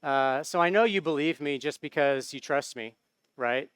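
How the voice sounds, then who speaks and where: Smooth-voiced American man giving a talk. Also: on the high side, normal speed, fairly bright tone, dry recording. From United States. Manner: casual, conversational, many fillers and tag questions. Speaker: conference speaker. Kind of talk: conference talk. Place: conference stage. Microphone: microphone.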